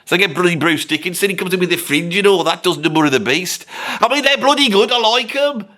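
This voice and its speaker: A man puts on a high, bright, forceful voice with lively intonation and a quick pace. He's playing a grumpy Birmingham rock veteran in his sixties, complete with the accent, rambling and swearing nonstop through a comic, grumbling rant.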